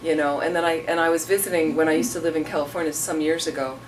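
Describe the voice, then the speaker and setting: A woman's voice: deep voice, steady tone, fast. A woman Buddhist teacher answering audience questions in a rambling, storytelling way, acting out quotes. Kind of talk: casual dharma talk. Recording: distant mic, noisy room.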